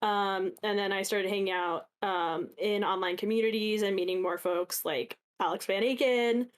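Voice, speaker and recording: A podcast guest talks through their career in a relaxed, chatty way. The voice sits at a middle pitch and flows easily from one thought to the next. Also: normal speed, smooth. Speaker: podcast guest, site editor. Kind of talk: casual interview.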